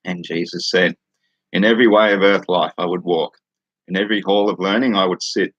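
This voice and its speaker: An Australian man hosting a livestream, chatting casually with a relaxed chuckle and reading passages aloud from a book. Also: sits low, no echo, highs cut off. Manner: laid-back, chuckling, unhurried. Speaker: livestream host. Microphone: studio microphone.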